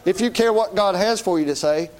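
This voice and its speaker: High-voiced folksy male preacher. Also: fairly quick. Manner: folksy conversational preaching, frequent "Amen?". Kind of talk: sermon.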